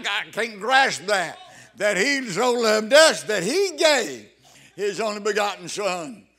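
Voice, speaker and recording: A man preaching a sermon, fervent and halting, with frequent restarts that build to loud emphatic exclamations. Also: high voice.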